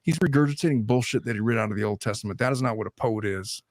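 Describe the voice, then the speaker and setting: A man in his thirties talks in a blunt, animated way, cursing casually as he hosts a podcast chat. His voice sits mid-range and is recorded close and dry, with no room sound around it. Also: mid-range voice, racing, no echo. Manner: blunt and animated, swears freely. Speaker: lawyer and channel host.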